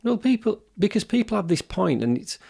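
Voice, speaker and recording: Gravelly man, earnest and opinionated. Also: sits high, big pitch swings, a little fast, dark tone. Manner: earnest, opinionated, lots of restarts. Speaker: podcast co-host. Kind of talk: casual podcast discussion.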